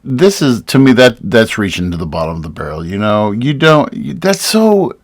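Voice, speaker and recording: A man hosting a political podcast in casual chat, animated, with frequent stammering restarts. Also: medium pitch, moderate pace, dry recording, clean studio sound. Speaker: podcast host.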